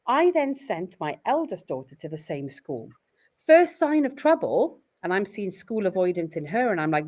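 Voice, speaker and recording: A woman's voice: medium pitch, normal speed. A middle-aged Welsh woman talking openly and reflectively as a parent in a podcast conversation. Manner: earnest, reflective, expressive storytelling.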